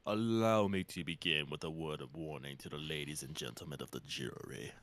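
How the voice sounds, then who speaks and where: Man doing a haughty male prosecutor, deep voice, slow grave delivery, contemptuous, bright edge. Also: slight background noise. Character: haughty stern British male prosecutor, scornful.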